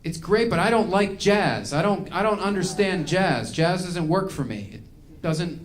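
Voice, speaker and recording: A man's voice: high-pitched, lively intonation, measured pace. A male stand-up comedian performing a set on stage, ranting in a mock-angry way.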